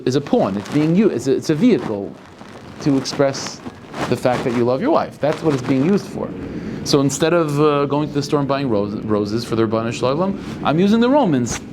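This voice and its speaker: A male rabbi giving a Torah lecture. He talks in halting bursts, restarting and repeating words as he thinks aloud. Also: a little high, background noise.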